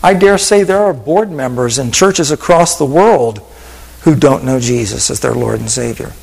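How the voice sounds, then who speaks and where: A male pastor preaching a sermon with an altar call, telling stories in a voice that drops to hushed whispers and rises to emphatic peaks. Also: medium pitch, normal speed, creaky, husky, in a large hall, low-quality recording.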